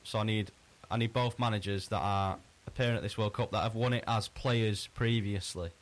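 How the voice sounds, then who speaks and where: A man hosting a casual quiz on a podcast, chatty and relaxed, often restarting his sentences. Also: fairly low pitch, a little fast. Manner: chatty, easygoing, frequent restarts. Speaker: quizmaster.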